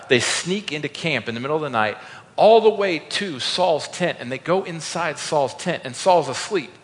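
A man preaching a sermon as a pastor, telling a story in a lively way and acting out the quotes. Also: medium pitch. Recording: long hall reverb.

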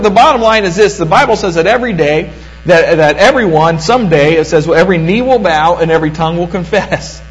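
A middle-aged man preaching a sermon as pastor, earnest, slowing down for emphasis and repeating words as he starts sentences. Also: high-pitched, low-quality recording. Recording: mains hum underneath.

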